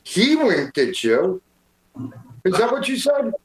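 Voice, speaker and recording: A man hosting an improv comedy show, playing a wry, deadpan dispatcher who keeps switching lines. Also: high-pitched. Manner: wry, deadpan and quick to take other lines. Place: video call from home. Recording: echoey room.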